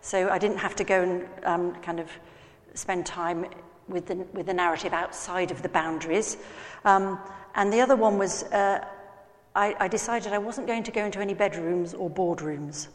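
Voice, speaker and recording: A woman's voice: lowish voice, fairly even intonation, normal speed. A woman novelist telling self-deprecating stories about her writing to an audience in a lecture hall. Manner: self-deprecating, chatty storytelling. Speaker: novelist giving a talk. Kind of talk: anecdotal talk to an audience. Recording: echoey hall.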